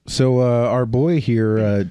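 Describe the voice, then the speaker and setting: A man co-hosting a casual podcast, telling profane stories with quick voiced impressions. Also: mid-range voice, mellow, clean tone, dry recording, studio quality. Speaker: podcast co-host. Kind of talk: casual chat.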